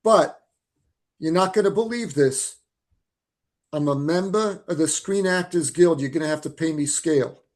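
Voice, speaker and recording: A man's voice: on the high side, moderate pace, pauses often, darkish tone, natural voice. A man imitating a chatty, easygoing retired ballplayer with a put-on New England accent, rambling and repeating himself. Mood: amused. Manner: rambling, repetitive.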